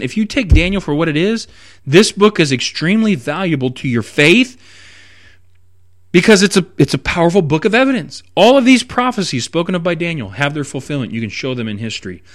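A man's voice: fairly high pitch, a bit bright. A man who is a preaching minister, teaching the Bible on a radio broadcast with emphatic delivery and wry asides.

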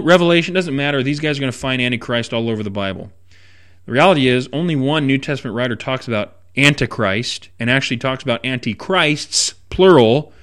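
A man's voice: mid-range voice, a bit bright. A man who is a preaching minister, teaching the Bible on a radio broadcast with emphatic delivery and wry asides.

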